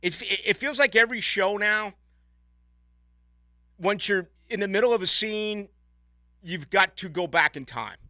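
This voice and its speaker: A man hosts a late-night sports radio show, ranting in a lively, opinionated way. His voice is very bright and a touch high for a man. The studio sound is close and dry. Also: unhurried, long pauses, no room sound. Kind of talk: casual radio chat. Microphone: studio microphone.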